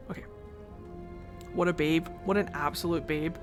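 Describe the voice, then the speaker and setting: A woman's voice: deep voice, fairly even intonation, moderate pace, pauses often, over music. A woman streaming a game, chatting and rambling about what is on screen. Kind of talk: casual game commentary.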